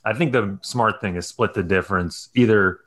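A man's voice: on the low side, moderate pace, fairly bright tone. A man hosting a casual podcast chat, rambling as he thinks aloud and steering the talk.

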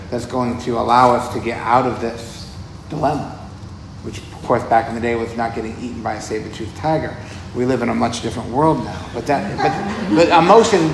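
A man, a meditation teacher, giving a casual dharma talk. He talks conversationally, repeats words and chuckles often. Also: medium pitch. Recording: roomy echo, faint background noise.

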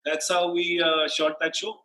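Indian male sports anchor, bright tenor, quotes people in voices, roomy echo. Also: on the high side, unhurried. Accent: Indian English. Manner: animated anecdotes, acts out quotes, laughs often. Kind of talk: casual storytelling interview.

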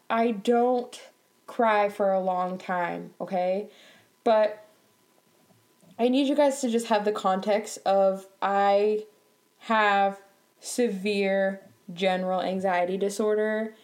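A young woman recounting a frustrating day at work in a chatty storytime vlog. She sounds animated and exasperated, laughs often, and her voice jumps up in pitch whenever she gets worked up. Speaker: bank teller telling a work story. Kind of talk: storytime vlog, casual chat.

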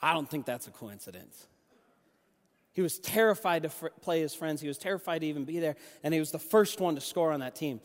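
Young man, preaching, storytelling, slightly high voice, echoing hall. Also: a little fast. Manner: conversational, animated storytelling with restarts. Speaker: youth pastor and junior high basketball coach. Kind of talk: sermon with personal stories.

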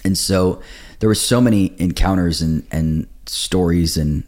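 A young man with a deep, low voice tells a personal story in a relaxed podcast chat. He acts out what others said as he goes, telling it in an animated, storytelling way. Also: a little slow. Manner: animated storyteller acting out quotes. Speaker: pastor telling his story. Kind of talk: casual podcast conversation.

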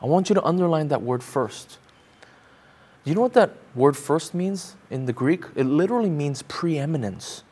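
A man's voice: fairly high pitch, dark tone. A man preaching a sermon as pastor, emphatic, repeating phrases and asking the congregation pointed rhetorical questions.

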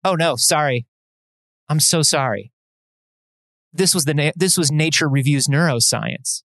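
Man, slightly high voice, dry close mic. Casual podcast co-host, chatty and self-deprecating. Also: a little slow, fairly bright tone, dry recording. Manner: chatty, self-deprecating, explains science news. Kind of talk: casual chat.

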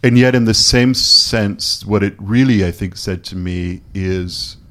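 A man from Canada being interviewed, talking candidly and haltingly, restarting his sentences as he questions himself. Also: on the low side, fairly bright tone. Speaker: photographer guest. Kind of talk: casual interview conversation.

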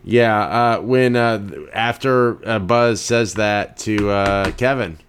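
A man's voice: lowish voice, fairly even intonation, slow, a little hiss or hum. A man co-hosting a movie podcast, talking with enthusiasm, lots of "uh" fillers and casual swearing. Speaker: podcast co-host.

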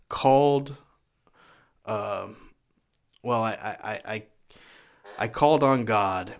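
Man, somewhat low voice, personal testimony, earnest, halting, repeats words. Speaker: guest sharing his life story.

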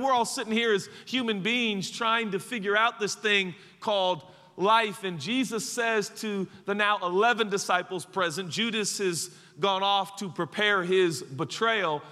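A man preaching a sermon, animated and quick to act out the people in the story. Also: high-pitched. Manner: animated, acts out the disciples in quick voices. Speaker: pastor. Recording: long hall reverb.

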